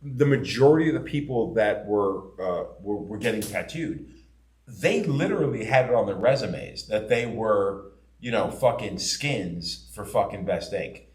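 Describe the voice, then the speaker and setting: A man hosting a podcast, chatting casually with lively, swearing banter. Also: lowish voice, measured pace. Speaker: podcast host. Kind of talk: casual chat. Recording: roomy echo.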